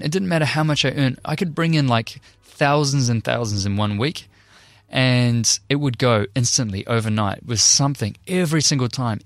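A man's voice: mid-range voice, no room sound. A young man earnestly telling a personal testimony in a conversational way. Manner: earnest, conversational, emotional retelling. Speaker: Christian speaker and performer.

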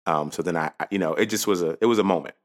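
A man's voice: sits low, very fast. A man in his thirties hosting a podcast, telling a personal story in an earnest, folksy way with many fillers and restarts. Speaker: podcast host. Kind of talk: casual spoken storytelling.

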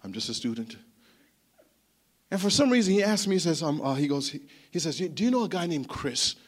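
A man delivers a sermon like a long, rambling story. His voice sits a little high, and he talks in a lively, chatty way, doubling back on his words as he goes. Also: brisk. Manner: animated, chatty, repeats words. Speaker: pastor.

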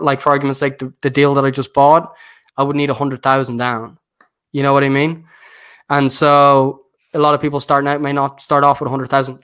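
This guest investor speaks at a medium pitch with a fairly bright tone. His podcast talk is relaxed and meandering, full of fillers and false starts. His accent is non-standard, something viewers pick up on.

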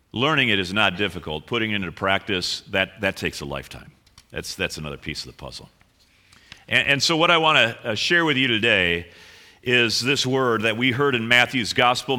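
A man's voice: medium pitch, pushed and bright. A male pastor preaching a conversational sermon, playfully teasing the congregation and often repeating words as he goes.

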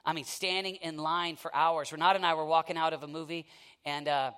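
A man preaching a sermon with impassioned delivery, swinging from near-shouting to hushed intensity and telling stories with acted-out asides. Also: on the high side, level tone, smooth. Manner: storytelling with quick asides and acted-out quotes.

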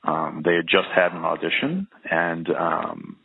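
A man's voice: sits low, animated, measured pace, creaky, background noise. A man, a professional trumpet player, talking casually in an interview, rambling with lots of fillers and restarts. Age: adult, well past early twenties. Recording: phone-like narrow band.

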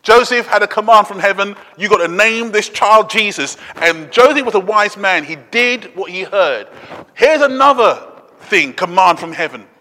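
A man preaching a sermon, swinging between loud urgent appeals and quiet, low asides. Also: animated, normal speed, in a large hall.

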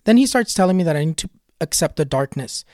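A man with a fairly high voice tells a personal eerie story in a casual, earnest way. He repeats himself to build suspense and keeps retelling what was said. The sound is dry and close. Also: animated, fast, a little mellow, no echo. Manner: earnest, retells dialogue with many "he goes" quotes. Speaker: spiritual storyteller and tarot reader.

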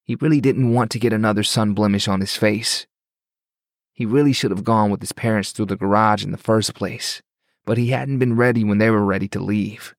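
Low-voiced man narrating an audiobook. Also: steady tone, fairly quick, no room sound, studio quality.

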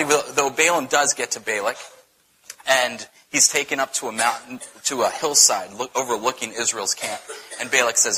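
A man teaching a Bible study, telling the story in a conversational, animated way, often checking in with "right?". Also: medium pitch, moderate pace, a little hiss or hum, low-quality recording.

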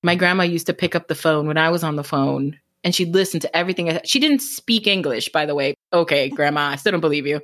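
Fast-talking woman with a Miami accent. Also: sits low. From Miami, Florida. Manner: fast-talking, animated, laughs often. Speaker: author guest. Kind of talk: casual interview chat.

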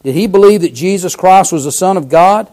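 A man preaching a sermon, fervent, swinging from loud cries to hushed lines. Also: high voice, fairly quick.

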